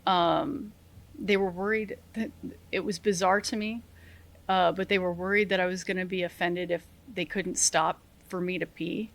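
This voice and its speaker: A middle-aged woman, a retired Army sergeant, telling stories as a podcast guest in a lively, self-deprecating way, laughing often and acting out what people said. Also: on the low side, normal speed. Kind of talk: casual interview storytelling.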